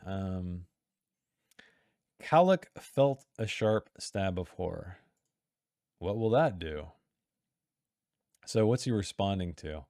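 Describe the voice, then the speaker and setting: A writer chats casually through editing notes, cutting himself off mid-sentence and reading passages aloud from the text. His voice is on the low side, slightly mellow, clear and resonant, captured in clean studio sound with no echo.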